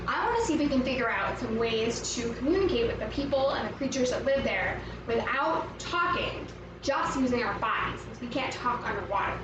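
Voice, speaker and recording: A woman teaching a children's movement lesson, upbeat and encouraging, explaining each step. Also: sits high. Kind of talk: guided movement lesson for kids. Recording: echoey room, mic at a distance, music playing.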